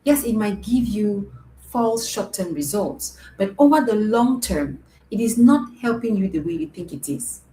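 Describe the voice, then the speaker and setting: A woman's voice: medium pitch, animated, measured pace, mellow. A woman coaching parents in an earnest, repetitive way, often checking in with "right?". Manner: earnest, repeats points, asks "right?" often. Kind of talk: live-streamed talk to parents. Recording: echoey room with faint noise.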